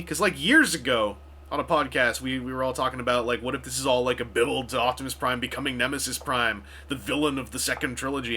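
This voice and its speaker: A man's voice: mid-range voice, quick pace, sharp tone, husky. A man vlogging at home to camera, talking casually with lots of fillers, restarts and sarcastic asides. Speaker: vlogger reviewing a film. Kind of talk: casual rambling talk to camera.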